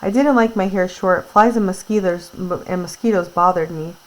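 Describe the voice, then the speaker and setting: In poor audio, a woman teacher with a lowish voice reads to her class at a moderate pace. After reading aloud, she retells the story in plain, casual language full of fillers.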